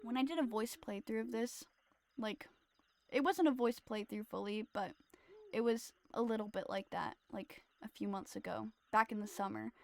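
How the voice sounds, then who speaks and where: A woman's voice: on the high side, normal speed, vocal fry. A woman streaming a game, chatting casually in a giggly, self-deprecating, rambling way into her streaming mic. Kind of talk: casual livestream commentary.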